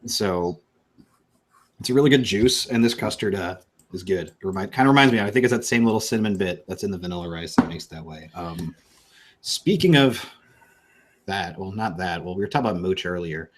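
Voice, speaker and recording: A man's voice: sits low, expressive, normal speed, pauses often. A man hosting a casual live-stream show, rambling and swearing freely with lots of fillers. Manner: rambling and profane, many fillers. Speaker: podcast host.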